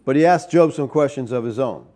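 A man preaching a sermon in an animated way, with rhetorical asides to the congregation. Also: medium pitch, fairly quick. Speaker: pastor.

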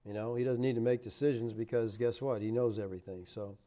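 A middle-aged man, a pastor, reading viewer comments aloud in casual chat, laughing often and swinging from emphatic bursts to low asides. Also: steady tone, quick pace, mellow. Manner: chatty, laughs often, rises emphatic then drops low.

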